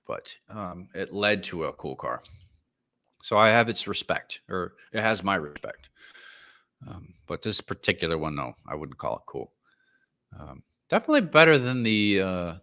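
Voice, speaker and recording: Podcast host, man from the US, opinionated and profane, lowish bright voice, rants then apologizes. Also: sing-song, normal speed. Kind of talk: casual ranting commentary.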